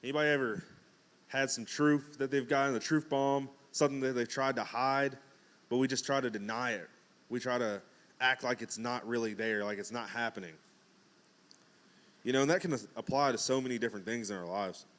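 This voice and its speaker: Guy preaching, chatty sermon, keeps acting out little quotes and jokes, middle pitch. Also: brisk, fairly bright tone. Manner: conversational, acts out quotes with jokes and asides. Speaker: pastor. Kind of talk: casual sermon.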